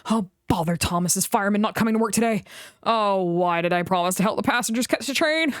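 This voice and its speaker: A woman voicing a cheerful, hasty male bus who shouts and puffs with excitement. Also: medium pitch, fast talker, no room sound, clean studio sound, close to an everyday voice. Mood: vexed. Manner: excited shouting, puffing exclamations.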